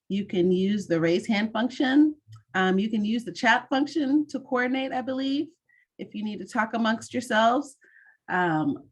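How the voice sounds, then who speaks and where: A woman runs an online mentoring session over a video call. She gives instructions in a friendly, direct way at a middle pitch and pauses on fillers now and then.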